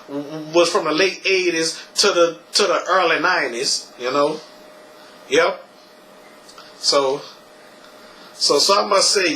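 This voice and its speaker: A man's voice: fairly high pitch, sharp tone, rough recording. A young man vlogging casually, stammering and repeating his words, and ending lines with "you know" and "okay.". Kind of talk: casual tribute vlog.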